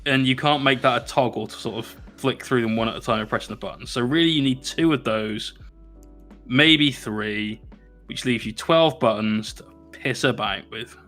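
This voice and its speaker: Bright, teasing male co-host. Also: medium pitch, moderate pace, soft background music. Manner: teasing, dry, swears. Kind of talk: casual banter.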